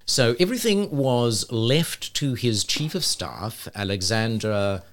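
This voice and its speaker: A man's voice: medium pitch, expressive, takes it slowly. A man co-hosting a casual chat, telling a story with wry asides. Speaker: podcast co-host.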